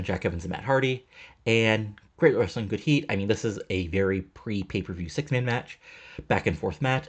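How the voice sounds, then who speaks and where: Brief: casual let's-player, husky voice, loose and chatty. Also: male voice, lowish voice. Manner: rambling, loose, many fillers like you know and um. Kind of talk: casual commentary over a wrestling booking sim.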